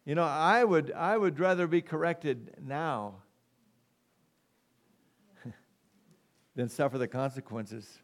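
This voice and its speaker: A middle-aged man preaching a sermon as pastor, emphatic and calling for "amen" from the congregation. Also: on the high side. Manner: slow, emphatic preaching with call-and-response "amen".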